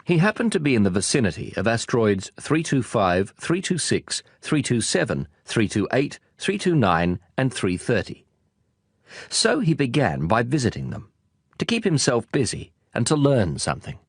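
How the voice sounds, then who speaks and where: A man reading an audiobook in a calm, storytelling manner. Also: mid-range voice, slightly rough, no echo, clean studio sound. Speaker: audiobook narrator.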